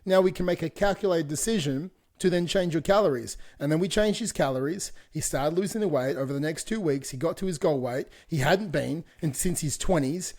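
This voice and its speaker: A man's voice: a little high, a little fast, hardly any pauses, darkish tone. A man co-hosting a fitness podcast, talking bluntly in casual chat and swearing freely. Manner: blunt, swears freely, laughs between points. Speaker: podcast co-host, fitness coach.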